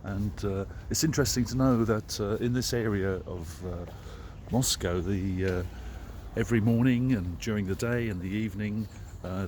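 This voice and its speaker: A man's voice: lowish voice, a little mellow, a little hiss or hum. A man with a British English accent teaching running vocabulary outdoors at a track, in simple phrases with fillers. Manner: halting, many fillers, clear simple phrases. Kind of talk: slow spoken vocabulary lesson with commentary.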